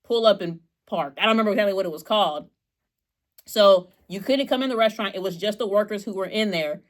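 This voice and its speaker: A young woman co-hosting a chatty podcast, telling a work story in a lively, animated way and acting out the people in it. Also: mid-range voice, fast talker. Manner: animated storyteller, acts out callers in raised voices. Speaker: podcast co-host. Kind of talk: casual storytelling.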